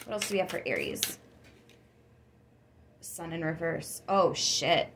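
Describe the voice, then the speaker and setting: A woman giving a casual tarot reading, chatty and excitable, with frequent gasps and laughs. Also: low-pitched, unhurried, noisy background. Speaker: tarot reader.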